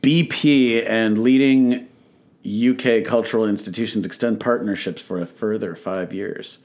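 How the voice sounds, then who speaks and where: Reading a press release on his radio talk show, a man cracks jokes, stumbles, corrects himself, and laughs as he goes in a casual on-air manner. His voice is fairly low and a little mellow, with fairly even intonation and a measured pace.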